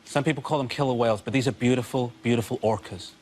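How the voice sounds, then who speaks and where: A man doing a stand-up routine on a panel show, ranting with incredulous outbursts that build to shouts. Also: mid-range voice, fast. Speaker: comedian. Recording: loud background noise.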